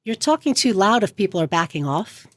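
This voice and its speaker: A woman's voice: mid-range voice, big pitch swings, brisk, dry recording. A woman speech coach giving a radio interview from a studio, talking emphatically and stressing key words as she explains. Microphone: studio microphone.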